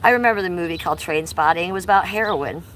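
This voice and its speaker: A woman's voice: lowish voice, quick pace, fairly bright tone, a little hiss or hum, rough recording. A woman with a Cleveland accent chatting on a casual livestream outdoors, a little out of breath from biking, reading chat comments aloud. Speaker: livestream host. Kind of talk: casual live-stream chat. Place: outdoors by an old church. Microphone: chest-harness phone.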